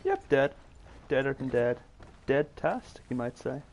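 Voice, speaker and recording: A man's voice: mid-range voice, very animated, measured pace, darkish tone, a little hiss or hum. A man streaming a video game, making sarcastic jokes and mumbling to himself as he plays. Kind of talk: live gameplay commentary.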